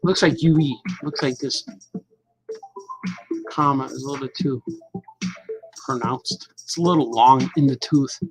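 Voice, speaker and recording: Male cartoonist, casual and jokey as he draws live, fry in the voice, mid pitch. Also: measured pace, long pauses. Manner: mutters along while drawing, joking with chat. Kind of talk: casual live drawing stream. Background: music.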